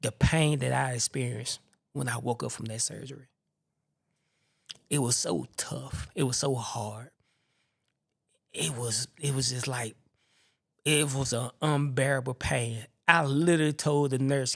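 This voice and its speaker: Man, podcast host, gravelly mid-pitched voice, animated faith testimony. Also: measured pace, long pauses. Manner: animated storyteller acting out the people he quotes. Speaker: podcast host telling his own story.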